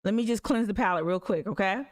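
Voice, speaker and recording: A woman's voice: medium pitch, fast. A woman hosting a live stream, reacting animatedly and talking straight to her viewers. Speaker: livestream host. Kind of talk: casual livestream commentary.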